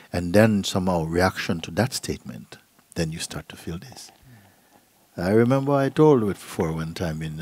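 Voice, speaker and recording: A middle-aged man, a spiritual teacher, giving a gentle, unhurried talk and acting out voices in his stories. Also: deep voice, breathy edge. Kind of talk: satsang talk, storytelling. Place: gathering hall.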